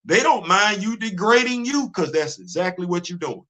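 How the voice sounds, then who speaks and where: A man hosts a casual livestream, pressing his points with emphatic repetition. His voice sits a bit high with a bright, forceful edge. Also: animated, moderate pace. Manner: emphatic, preachy, repeats himself. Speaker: host.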